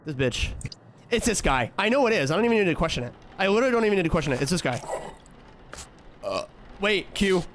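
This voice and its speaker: A young man's high voice swings widely in pitch as he talks fast, pausing often, during horror game let's-play commentary on stream. He chats to himself, trash-talks the characters, swears freely and yells frantically when scared, with a little hiss or hum in the audio.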